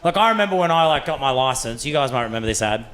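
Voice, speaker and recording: A brash Australian comedian performs a stand-up set on a comedy club stage, with the audience laughing and the sound roomy. His mid-range voice is rapid-fire as he tells profane, animated stories and acts out different voices.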